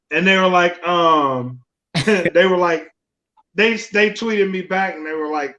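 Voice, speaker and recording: A young man co-hosting a podcast, telling a story in an animated, profane, laughing way. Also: high voice, a little slow, echoey room. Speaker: podcast co-host. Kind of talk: casual chat, storytelling. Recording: slightly dull lo-fi podcast audio.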